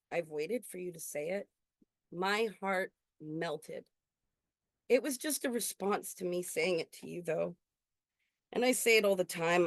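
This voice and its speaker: A woman performing her own spoken-word poetry at an open mic, earnest and intimate, slowing on key lines. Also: fairly low pitch, dry recording, clean studio sound. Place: indoor open mic venue.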